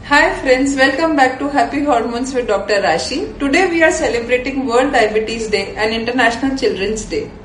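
A woman's voice: on the high side, lively intonation, normal speed, few pauses, a little hiss or hum. A woman doctor with an Indian accent, giving an upbeat, scripted health talk with emphatic repetition. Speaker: endocrinologist hosting a health show. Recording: roomy echo.

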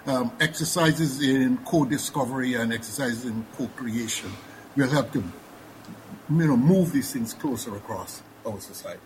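A man's voice: medium pitch, normal speed, a little hiss or hum, rough recording. A man with a Guyanese accent, a panelist speaking thoughtfully with many fillers and restarts. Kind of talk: panel discussion.

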